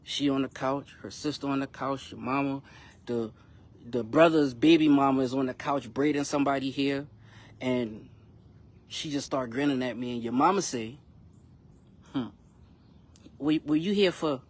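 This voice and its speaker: A man's voice: medium pitch, steady tone, moderate pace. A young man, a rapper telling his son a frustrating personal story in a casual, emphatic vlog full of slang. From South Carolina, US.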